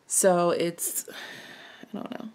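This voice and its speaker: A woman's voice: on the low side, level tone, slow pace, darkish tone, clear, resonant tone. A woman from Maryland chatting casually while she stitches, rambling and musing aloud with lots of self-questions. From Maryland, United States. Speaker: cross-stitch vlogger.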